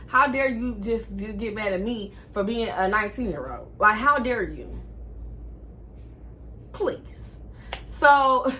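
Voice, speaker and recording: Young woman vlogger, bright voice, chatty storyteller who cusses freely. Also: on the high side, a little hiss or hum. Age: 20s. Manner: animated, chatty, swears freely. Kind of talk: casual storytime.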